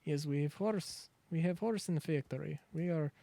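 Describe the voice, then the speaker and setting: A man's voice: on the high side, normal speed, gravelly, dark tone, no room sound. A man putting on a hammy fake-Russian factory boss. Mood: mock serious. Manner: drops articles, tossing in "da". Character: mock Russian factory boss, male, adult.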